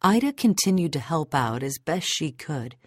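A woman reading a story aloud as narrator in a measured, steady storytelling manner. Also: deep voice, slightly rough, no room sound, clean studio sound. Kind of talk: audiobook narration.

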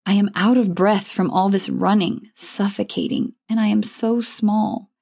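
Brief: female narrator, mid pitch, intimate and reflective first-person storytelling. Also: steady tone, unhurried, gravelly, a little mellow.

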